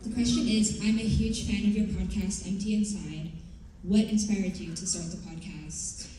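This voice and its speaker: A young woman student reading audience questions aloud, soft-spoken and polite. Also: mid-range voice, fairly even intonation, moderate pace. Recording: echoey hall, far from the mic, faint noise.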